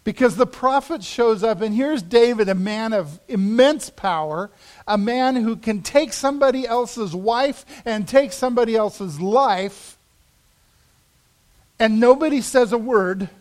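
A man preaching a sermon as pastor, dramatic in delivery, dropping to a hush for emphasis and rising again. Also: extremely high pitch, unhurried. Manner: dramatic, drops to a hush for emphasis then rises.

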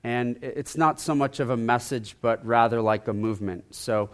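A man preaching a conversational sermon, repeating phrases and dropping to soft emphasis. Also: medium pitch, normal speed. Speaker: pastor.

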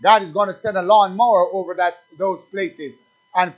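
High-voiced preacher in full sermon. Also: male voice, steady tone, normal speed, breathy edge, dull audio. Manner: call-and-response preaching, rising to loud emphatic peaks.

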